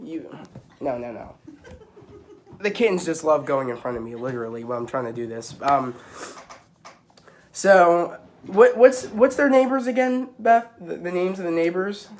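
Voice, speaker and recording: A young man at home, excitedly recapping a TV episode to camera in a loose, rambling way full of restarts and fillers. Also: sits high, moderate pace, a little hiss or hum. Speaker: YouTuber reviewing a TV episode. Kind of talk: casual spoiler recap to camera. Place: at home with kittens around.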